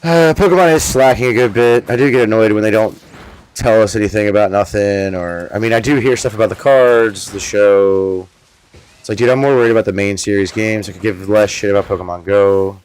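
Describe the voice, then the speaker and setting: Man, streamer, low voice, casual, rambling, offhand, swears. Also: brisk, a little mellow, smooth. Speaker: streamer host. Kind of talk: casual gameplay commentary.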